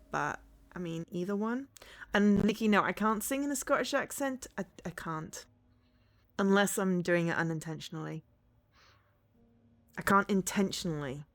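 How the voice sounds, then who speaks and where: A woman's voice: mid-range voice, sharp tone. Chatty woman streamer who laughs often. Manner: chatty and rambling, laughs often, hums and sings snatches of songs. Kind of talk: casual live-stream chat with viewers. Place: home.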